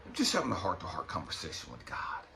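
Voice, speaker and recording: A middle-aged man giving an impassioned motivational monologue, swinging from hushed talk to raw, pleading shouts. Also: low voice, wildly swooping pitch, quick pace, gravelly, slight background noise. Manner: emotional, swearing, pleading. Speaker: inspirational speaker.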